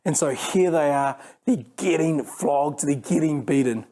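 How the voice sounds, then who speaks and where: A man preaches in a relaxed, conversational way, restarting phrases as he thinks aloud. His voice sits a bit high for a man, yet it sounds warm and mellow. He often acts out the lines of imagined speakers. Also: unhurried. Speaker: youth pastor. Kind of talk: sermon.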